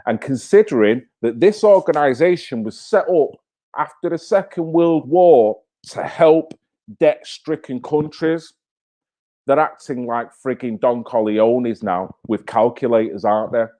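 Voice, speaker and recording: A man's voice: medium pitch, unhurried, dark tone. A man hosting his own channel, talking in a blunt, fired-up way with swearing and rhetorical questions. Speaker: channel host. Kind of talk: casual live-stream commentary.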